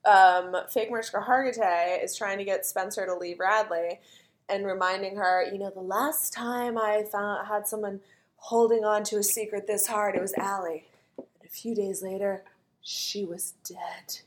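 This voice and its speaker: A woman's voice: medium pitch, normal speed. Chatty swearing woman podcast co-host. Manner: animated, swears freely, acts out characters' lines. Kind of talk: casual chat recapping a TV episode.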